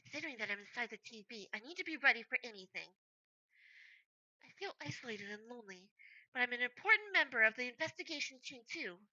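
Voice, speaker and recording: A woman streamer reading a game's story text aloud in a let's-play, expressive and animated. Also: on the high side, fast, lo-fi sound. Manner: expressive, breaks into laughter.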